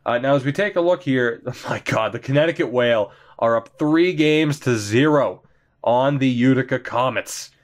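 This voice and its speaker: A man commentating his own hockey video game play, chatty and excitable, laughing often, while getting over being sick. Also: medium pitch, normal speed. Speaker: gaming commentator.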